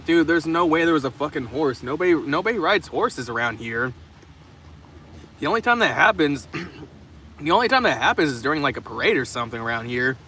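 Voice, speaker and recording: Rambling young male streamer, bright voice. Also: on the high side, animated, fairly quick. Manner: rambling and profane, with many stammered restarts. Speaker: live streamer. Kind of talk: casual chat answering viewers' comments. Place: outdoors, sheltering in the open trunk of a car in the rain. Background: faint rain and passing traffic.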